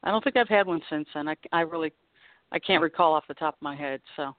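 A woman in her fifties, a guest professional golfer, speaks fast in a low-sitting voice with no room sound. Over a tinny, dry phone line during a phone-in radio interview, she chats casually and laughs often.

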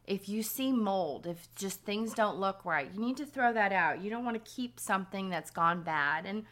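A woman hosting a podcast with a scratchy, slightly hoarse voice, explaining remedies step by step in a practical, instructional way. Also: medium pitch, bright, forceful tone. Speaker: podcast host.

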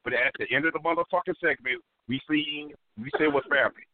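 Give me a blunt, profane man ranting quickly over a tinny phone line. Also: a little high. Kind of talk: heated call-in radio chat.

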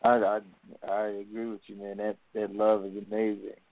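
Earnest male co-host, lowish voice, halting reflection, dry tinny line. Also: monotone, dry recording. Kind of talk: confessional faith talk. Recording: dry phone-like lo-fi audio.

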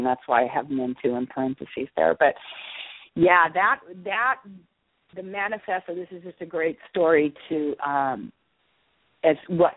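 Middle-aged woman, author guest, animated storyteller, heard over a dry phone line. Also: low-pitched, no echo. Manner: lively, acts out her own reactions. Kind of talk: casual storytelling in an interview.

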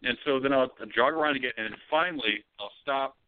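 A man co-hosting a podcast, telling stories in a loose, profane, animated way. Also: medium pitch, brisk, clean tone. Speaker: podcast co-host. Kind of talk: casual chat. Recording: tinny phone-like audio.

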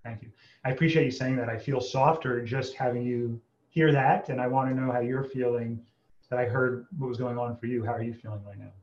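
A man guest, an internist, speaking in a gentle, earnest, halting way in calm conversation. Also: mid-range voice, roomy sound, highs cut off. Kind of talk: calm conversational podcast talk.

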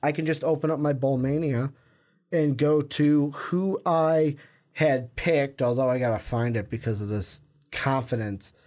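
A man's voice: mid-range voice, measured pace, darkish tone. A young man co-hosting a casual sports podcast, talking in a rambling, chatty way and often correcting himself. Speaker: podcast co-host.

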